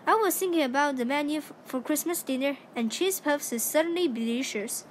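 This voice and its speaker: A woman's voice: sits high, a little fast, a little hiss or hum, close to an everyday voice. A woman voicing a nervous, mild-mannered male mouse who runs a newspaper, speaking in a flustered way in a storybook reading.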